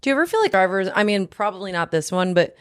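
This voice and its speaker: A woman's voice: medium pitch, sing-song, fast talker, clear, resonant tone, no room sound, clean studio sound. A woman chatting casually on a podcast, musing aloud.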